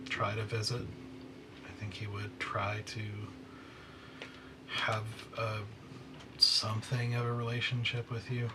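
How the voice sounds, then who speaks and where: A man as game master, calmly narrating the epilogue of a tabletop game session. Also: medium pitch. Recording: distant mic with loud background noise.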